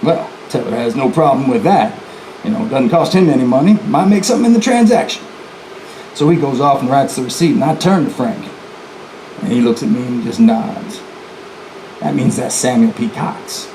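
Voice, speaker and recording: A man's voice: medium pitch, animated, normal speed, warm tone, reverberant, a little hiss or hum, lightly acted, low-quality recording. Jesse James, a man playing a boastful outlaw. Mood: folksy boastful. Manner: folksy, chatty asides to the audience. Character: boastful defiant male outlaw bank robber. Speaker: historical reenactor. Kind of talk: first-person historical storytelling performance. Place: live presentation venue, indoors.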